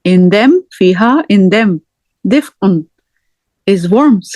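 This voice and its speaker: A middle-aged woman teaching a word-by-word scripture lesson, speaking deliberately and repeating each word as she explains it. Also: mid-range voice, lively intonation, darkish tone, no echo. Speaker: Quran teacher.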